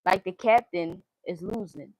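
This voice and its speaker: Her voice is on the low side and her pace measured as she gives a casual tarot reading, reciting card meanings in a chant-like rhythm and cursing freely as she bluntly says what she thinks. The audio has no echo but sounds rough.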